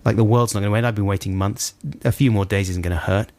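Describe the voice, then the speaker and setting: A man co-hosting a radio show, telling a long anecdote in casual chat, and his voice climbs high when he acts out his anger. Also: steady tone, quick pace, darkish tone, no room sound. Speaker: radio co-host. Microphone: studio microphone.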